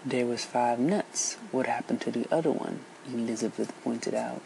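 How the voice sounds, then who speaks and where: A storyteller reading a folk tale aloud, unhurried and lilting, switching voices for each character. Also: mid-range voice, vocal fry, warm tone, slight background noise, rough recording.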